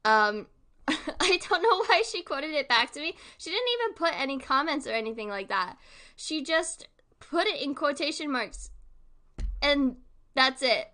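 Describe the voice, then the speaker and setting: A young woman chats on her live stream in a bright, slightly high voice. She rambles from topic to topic and breaks into giggles often. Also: sing-song, unhurried, pauses often. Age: young adult. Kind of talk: casual live-stream chat.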